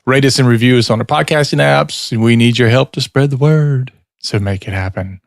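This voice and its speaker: Man, podcast co-host, laid-back, gravelly, dry close sound. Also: medium pitch, normal speed, no room sound. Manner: laid-back, gives short replies and laughs. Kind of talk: casual podcast chat.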